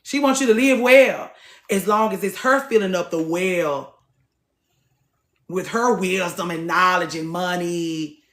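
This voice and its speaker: A woman's voice: lowish voice, measured pace, a bit bright, echoey room. A woman hosting a TikTok live, talking casually to her viewers in a blunt, preachy way and swearing freely.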